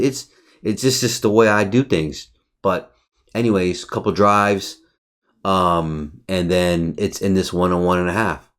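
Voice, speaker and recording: A man's voice: low-pitched, unhurried, a bit bright. A man reviewing his day's trades over a chart in casual, profane, brash talk. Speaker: trading educator.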